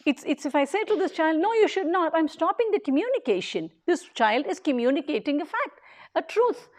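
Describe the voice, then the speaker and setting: A woman with a high voice gives an earnest public talk. She speaks in short, emphatic phrases and repeats key points as she builds her case. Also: big pitch swings, a little fast, darkish tone. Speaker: daycare leader.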